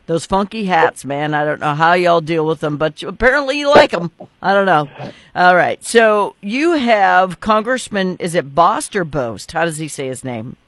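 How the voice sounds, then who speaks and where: Talk show host, man, fairly high voice, casual and joking, very dry sound. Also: expressive, normal speed, a bit bright, no echo. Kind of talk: political talk show interview.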